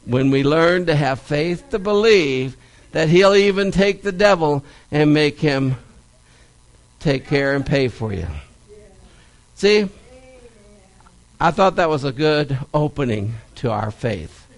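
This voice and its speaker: A male preacher speaks in a high, lively voice that rises and falls widely. He talks slowly and leans on repeated phrases for emphasis. He delivers a sermon and Bible study in a church. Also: poor audio. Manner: animated storytelling, stressed repetitions.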